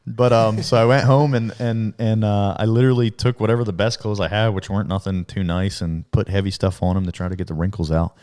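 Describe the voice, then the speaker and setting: Swearing man with a low voice. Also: fairly even intonation, a little fast, few pauses, a little mellow, clear, resonant tone. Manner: rambling, heavy swearing and fillers; frequent self-corrections and restarts. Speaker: podcast guest. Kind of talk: casual storytelling.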